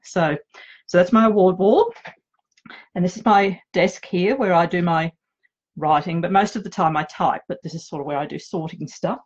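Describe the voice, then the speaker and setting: On a relaxed live video chat, a nervous Australian author in middle age jokes about herself from her home office. Her husky, lowish voice moves at a moderate pace. The recording has its high frequencies cut off.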